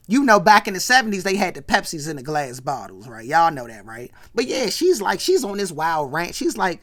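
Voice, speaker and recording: A woman's voice: on the low side, very animated, brisk, hardly any pauses, fairly bright tone. A woman giving a chatty, slangy recap of an old sitcom episode, with asides to her viewers. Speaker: vlogger.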